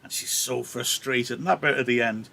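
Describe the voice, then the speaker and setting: A male teacher with a Welsh accent explaining a play in an animated, chatty way during a live reading. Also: mid-range voice, normal speed, creaky.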